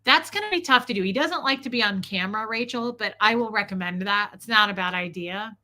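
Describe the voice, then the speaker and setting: With a brisk delivery and a bright, forceful mid-range voice, a woman vlogger tells a story and handles her viewers' comments. She's candid and chatty, often laughing and speaking right to the audience.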